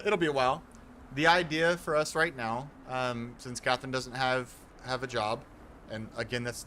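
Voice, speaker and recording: A man's voice: medium pitch, bright, forceful tone, a little hiss or hum. A young man streaming a game, talking casually and earnestly to his viewers from a home setup, rambling and restarting as he explains. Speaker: gaming streamer.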